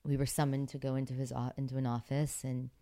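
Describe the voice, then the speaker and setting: Middle-aged actress from Pittsburgh, chatty interview guest, very deep and smooth for a woman. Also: flat delivery, fast talker, warm tone. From Pittsburgh, USA. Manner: chatty, many fillers, laughs often. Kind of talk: relaxed interview storytelling.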